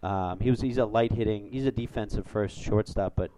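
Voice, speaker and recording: Chatty sports podcast host. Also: male voice, on the low side, a little fast, no room sound, rough recording. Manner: rambling, excitable when reacting to plays. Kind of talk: casual sports chat.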